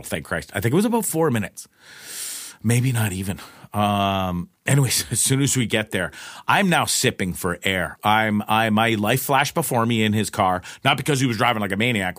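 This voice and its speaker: Brief: man, casual storyteller, swears freely, rambles and restarts, dry close sound. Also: no room sound. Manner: profane, rambling, restarts often; animated retelling, pitch jumps in quoted lines. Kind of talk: casual personal anecdote.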